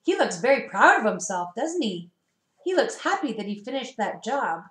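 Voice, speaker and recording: A preschool teacher reads picture books aloud in a gentle, sing-song way, stopping to ask the children questions. Her voice sits a little high for a woman, and it rings in a roomy, echoey space. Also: sing-song, normal speed, a little hiss or hum. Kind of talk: storybook read-aloud for young children.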